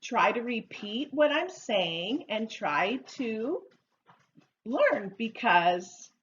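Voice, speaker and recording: A woman with a fairly high voice leads an English lesson at a very unhurried pace. She repeats each saying playfully, stretching it out for learners to copy. The recording is slightly muffled and lo-fi. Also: big pitch swings, a bit bright, a little hiss or hum. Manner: playful, drawn-out repetition of phrases. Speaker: English teacher. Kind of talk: slow, repetitive language lesson. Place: Oregon.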